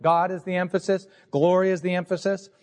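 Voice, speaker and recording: A man's voice: sits high, flat delivery, fairly quick. A man preaching a sermon from the pulpit in a church, teaching in an earnest tone and asking rhetorical questions. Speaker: pastor. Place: church sanctuary.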